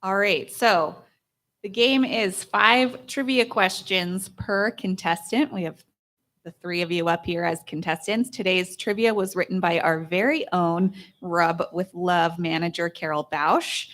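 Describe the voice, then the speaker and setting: A woman producer on a live radio show, chatty and quick to laugh, explaining a trivia game. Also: on the low side, a bit bright.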